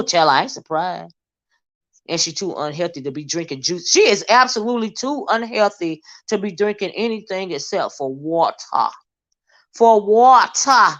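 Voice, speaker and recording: A woman hosting a casual livestream with sassy gossip commentary, reading chat comments aloud and drawing out asides of "child". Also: fairly low pitch. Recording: dull lo-fi stream audio.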